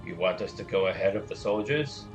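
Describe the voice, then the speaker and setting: A male streamer with a very deep voice reads game dialogue aloud, plain and a little hesitant, now and then poking fun at himself. Faint game music runs behind. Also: expressive, fairly quick, rough recording. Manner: plain, hesitant and self-deprecating.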